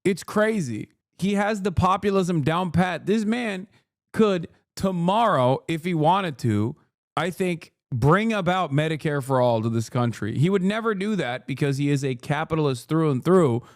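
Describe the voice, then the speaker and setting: A man reacting to a clip on a livestream, ranting sarcastically and quickly. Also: fairly high pitch, lively intonation, dry recording, clean studio sound.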